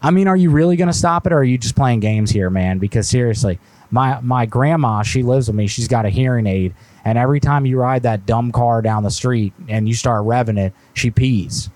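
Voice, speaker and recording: A man's voice: mid-range voice, fairly quick, darkish tone, no echo. A man hosting a live stream and making a prank call, fake-friendly and then needling with mock offense. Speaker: prank caller, host.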